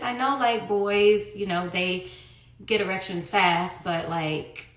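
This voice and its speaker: A woman's voice: on the low side, fairly even intonation, a little slow. A woman in her thirties telling a heated, profane story to a live audience in a blunt, defiant manner. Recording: roomy echo.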